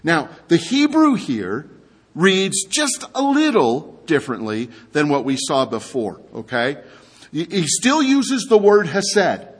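A man preaching an expository sermon, animated and speaking straight to his listeners. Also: a little high, slow, breathy edge. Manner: animated, addresses the audience directly. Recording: long hall reverb.

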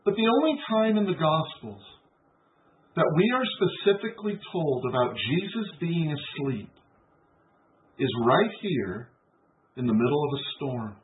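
A man preaching a sermon who acts out doubting questions and scripture in a lively way. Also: a little high, unhurried. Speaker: pastor. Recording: tinny phone-like sound, roomy, from a distance.

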